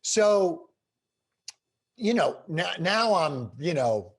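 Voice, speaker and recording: A middle-aged man telling stories as an interview guest, animated and emphatic. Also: on the high side, extremely slow, slightly rough. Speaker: guest speaker. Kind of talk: storytelling in a podcast interview.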